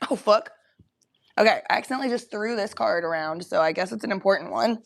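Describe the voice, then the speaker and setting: A young woman from Cincinnati, talking in a put-on Southern drawl during a casual livestream chat, crude and rambling, high and coughing now and then. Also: quick pace, creaky. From Cincinnati, Ohio.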